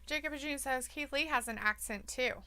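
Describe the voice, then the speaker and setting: Woman cohost reading chat out loud, laughs a lot, bright smooth voice. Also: high voice, moderate pace. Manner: laughs often, reads viewer comments aloud. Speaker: watch-along co-host. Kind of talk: casual live reaction chat.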